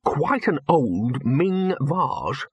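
Nervous prim wizard bursar in a storybook, raised and husky, read by a man. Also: fairly high pitch, big pitch swings, very slow, no echo, voice pushed up, heavily acted. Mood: fussy.

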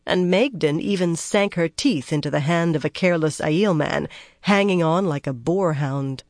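An audiobook narrator giving a steady, measured reading of fantasy prose. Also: medium pitch, no room sound, clean studio sound.

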